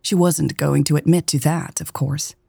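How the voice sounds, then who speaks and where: A woman hosting a romance podcast and reading a story in a calm, measured way. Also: low-pitched, creaky, husky, dry recording, clean studio sound, soft background music. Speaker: podcast host and narrator. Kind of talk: audiobook story narration.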